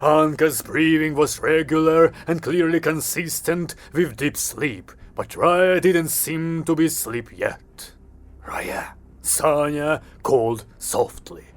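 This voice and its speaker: A man's voice: a little high, slow pace, few pauses. A man narrating a comic audiobook in a wry storytelling manner over faint music.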